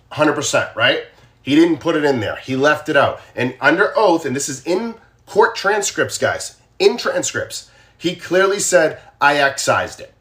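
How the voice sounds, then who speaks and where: A man's voice: mid-range voice, fairly bright tone. A man with a Boston accent hosting a casual true crime livestream, talking straight to viewers and repeating his questions to them.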